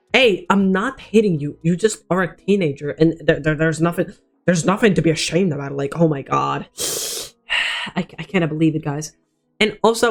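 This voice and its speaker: A teenage boy telling a personal story as a vlogger, rambling and swearing, with many restarts. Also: a little high. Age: teens.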